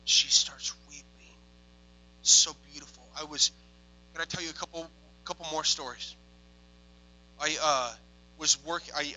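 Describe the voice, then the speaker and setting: A young adult man, a minister telling testimony stories in an excitable way, moving from hushed tones to loud exclamations. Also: on the high side, poor audio. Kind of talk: testimony storytelling.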